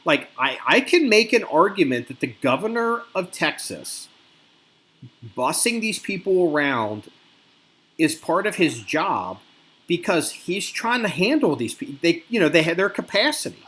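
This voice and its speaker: Man, casual podcast talk, swears a lot, lively swooping pitch. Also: a little slow. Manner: profane, animated, acts out angry quotes. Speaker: podcast co-host.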